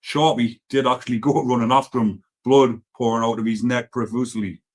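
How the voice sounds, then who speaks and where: A brisk, steady-toned man with a Geordie accent reads viewers' comments on a casual live stream, his voice medium in pitch. He talks bluntly, swearing a lot and going off on rambling tangents.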